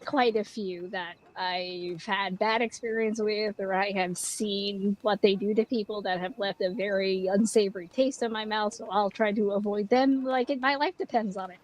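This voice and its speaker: A woman's voice: mid-range voice, steady tone, normal speed, few pauses, low-quality recording. A woman chatting in character, venting bluntly and swearing when exasperated. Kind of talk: casual in-character roleplay chat.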